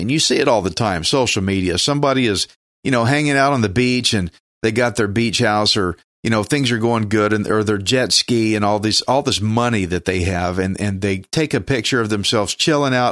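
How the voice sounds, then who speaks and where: A man's voice: medium pitch, expressive, normal speed, a bit bright, dry recording, studio quality. A man from Texas with a Texan accent, teaching the Bible on a radio show in a casual, folksy, joking way, sometimes stumbling over names.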